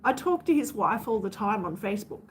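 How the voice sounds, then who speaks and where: A woman's voice: mid-range voice, sing-song, a little fast, a little hiss or hum. An Australian woman chatting casually on her livestream, venting bluntly to her viewers and swearing freely.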